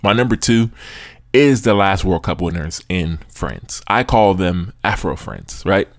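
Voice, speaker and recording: A man's voice: low-pitched, animated, a little slow, no room sound, clean studio sound. A young American man hosting a sports podcast, talking casually and with animation, with slang and frequent laughs. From United States. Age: young adult. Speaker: podcast host.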